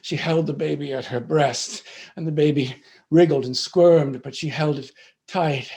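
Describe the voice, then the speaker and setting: A man storyteller performing a folk tale with slow, rhythmic repetition, sometimes dropping to a whisper. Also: a little high, fairly even intonation, vocal fry, mellow. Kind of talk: dramatic oral storytelling.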